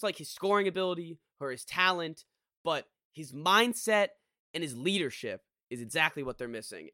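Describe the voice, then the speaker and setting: A man talking sports on a podcast, rambling and frustrated, often stopping to restart a thought. His voice is bright and a bit high for a man. The sound is close and dry, with no room in it. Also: no room sound. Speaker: podcast co-host. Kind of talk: casual sports chat.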